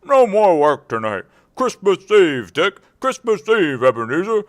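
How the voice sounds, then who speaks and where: A man voicing a jovial, hearty old employer who calls out loudly and merrily. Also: big pitch swings, a little slow, no echo. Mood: jovial shouting. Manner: booming, hearty, calling out.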